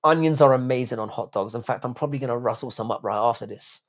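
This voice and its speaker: A man hosts a casual live stream, reading comments from chat and firing back with laddish, foul-mouthed banter. His throat is strained and wearing out, and his voice sits at an ordinary middle pitch. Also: fast talker. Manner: laddish banter, swearing freely. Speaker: livestream host reading chat.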